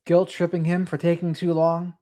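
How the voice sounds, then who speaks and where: A woman's voice: fairly low pitch, completely flat delivery, moderate pace, dark tone. A woman co-host giving blunt, scolding commentary on the texts. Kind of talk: casual commentary.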